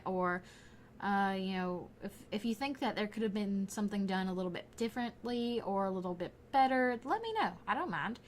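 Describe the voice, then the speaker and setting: Young woman, Southern Alabama accent, chatty rambling YouTuber commentary, with a faint hiss under the voice. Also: mid-range voice. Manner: rambling, chatty, often laughing. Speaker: gaming YouTuber. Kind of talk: casual voice-over commentary.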